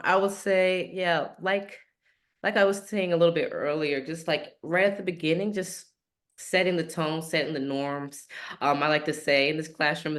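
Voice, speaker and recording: A young adult woman, a high school teacher, talking in a relaxed, easygoing way as a podcast guest and laughing often. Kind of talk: casual podcast interview.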